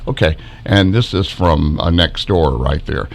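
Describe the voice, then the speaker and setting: A man hosting a casual live stream from home, pointing things out excitedly and asking the viewers questions. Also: deep voice, unhurried, vocal fry. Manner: excitable, wondering aloud, many rhetorical questions. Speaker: backyard paranormal video host.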